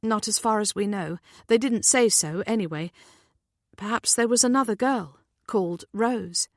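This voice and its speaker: A woman reading the part of a gentle, caring mother, speaking patiently and kindly. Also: mid-range voice, normal speed, no echo, clean studio sound, close to an everyday voice.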